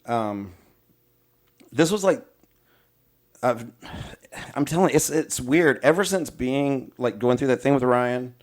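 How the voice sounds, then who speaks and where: Young guy on a podcast ranting through a story, swears a ton, says like constantly, mid-pitched voice. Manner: animated, profane storytelling, mimics people he quotes. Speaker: podcast host. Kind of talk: casual storytelling chat.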